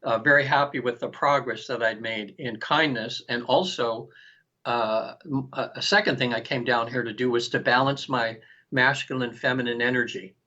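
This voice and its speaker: Bright-voiced man in his sixties recounting. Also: medium pitch, normal speed. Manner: animated storyteller, acts out quoted lines, frequent restarts. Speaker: guest. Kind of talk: personal storytelling in an interview. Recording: dull lo-fi recording.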